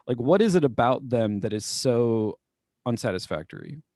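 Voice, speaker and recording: Lively, playful man co-hosting a podcast. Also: mid-range voice, moderate pace, no echo, clean studio sound. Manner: playful, laughs often, reads aloud in a put-on radio voice. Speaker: podcast co-host. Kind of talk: casual chat.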